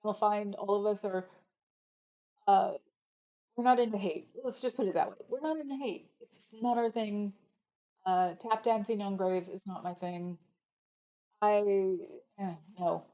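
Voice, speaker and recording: A middle-aged Californian woman hosts a livestream, rambling casually and reading viewer comments aloud. Her voice is mid-range with a dark tone, and the recording is rough.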